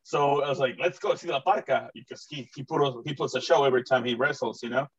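A man from Mexico hosts a casual interview show. He talks in long, excited runs, with lots of restarts. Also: mid-range voice, quick pace, breathy edge. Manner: rambling, many fillers and restarts, enthusiastic. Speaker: host and comedian. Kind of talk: casual chat. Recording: dull, muffled recording.

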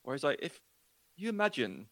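An animated man with a Luton English accent tells stories in relaxed conversation. He slips into other people's voices as he talks. The sound is dry and close. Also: on the high side, a little fast, no echo. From England. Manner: chatty, animated storytelling with quoted voices. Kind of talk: casual chat.

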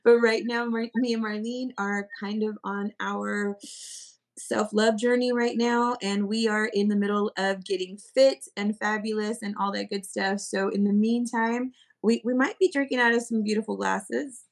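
A woman hosting a casual podcast chat, bubbly and quick to laugh. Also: mid-range voice. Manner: bubbly, giggly, animated. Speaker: podcast host. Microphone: streaming podcast mic.

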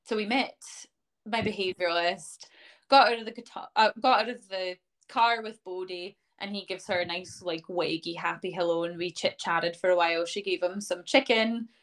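Speaking at a normal speed, a young woman with a low-leaning, fairly bright voice recounts her story as an interview guest. She owns a dog, talks in a casual, filler-heavy way ("um," "like"), and dramatizes the quotes of the people involved.

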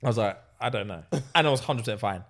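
A man's voice: lowish voice, lively intonation, fast, fairly bright tone. A young man telling a story in casual podcast chat, acting out quotes and swearing freely. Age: young adult. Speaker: podcast co-host.

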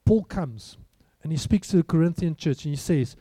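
A pastor delivers a sermon in a high, remarkably mellow voice, speaking to his congregation in a relaxed, conversational manner and repeatedly posing questions to them. His pace is moderate with few pauses. The recording is dry and close-miked, with no echo.

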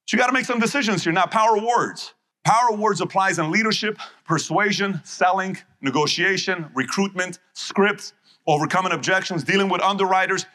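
A man's voice: high voice, sharp tone. A man giving a live seminar speech to an audience, emphatic and punchy, repeating his key phrases. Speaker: motivational speaker.

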